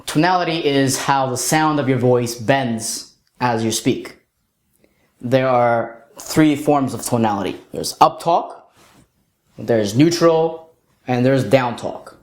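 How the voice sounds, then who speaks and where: A young man coaching other men in a lesson-style talk, sometimes showing off high and deep voices. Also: slow pace. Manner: demonstrates voices, jumps to falsetto and deep tones. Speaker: dating coach. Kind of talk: instructional talk. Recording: roomy echo.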